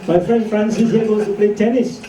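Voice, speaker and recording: A man's voice: high voice, fairly even intonation, fairly quick, a crowd in the background. A man giving a chatty medical lecture to doctors, joking and asking rhetorical questions. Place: lecture hall. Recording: echoey hall from far off, faint noise.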